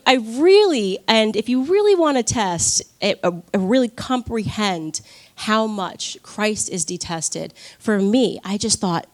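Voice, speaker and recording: A woman speaking from a conference stage to a live audience. She tells her story with animated energy and breaks into quick laughs. Her voice sits at an ordinary pitch for a woman. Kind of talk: personal testimony speech to a live audience.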